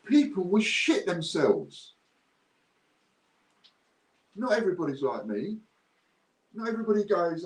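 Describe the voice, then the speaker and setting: A man's voice: sits high, very animated, unhurried, long pauses, roomy sound, poor audio. A man ranting to camera, blunt, indignant and repetitive. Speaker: business owner vlogger.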